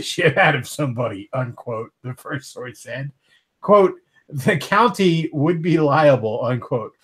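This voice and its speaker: American man reading news, joking. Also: a little high. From United States. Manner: joking, laughs often. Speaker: livestream host. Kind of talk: casual chat and reading news aloud.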